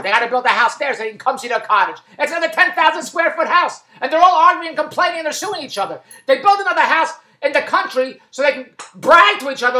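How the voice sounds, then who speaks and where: A man delivering an exasperated comic rant to the camera, loud and full of rhetorical questions. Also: very high voice. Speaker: vlogger. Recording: echoey room.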